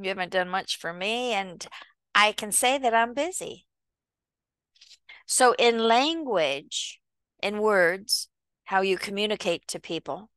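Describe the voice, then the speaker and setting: Female self-help speaker, unhurried, sincere, dry close sound, middle pitch. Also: a bit bright, clean tone, no echo. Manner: earnest, slow and deliberate, acts out little dialogues. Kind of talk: reflective motivational monologue.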